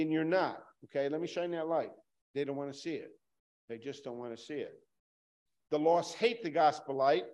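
A man preaching a sermon emphatically, repeating lines for stress and swinging from loud to hushed. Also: on the high side.

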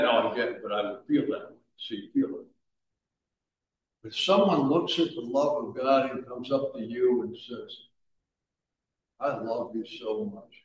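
A male pastor preaching a sermon, moving between quiet asides and raised, urging exhortation. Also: mid-range voice. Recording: echoey room, mic at a distance.

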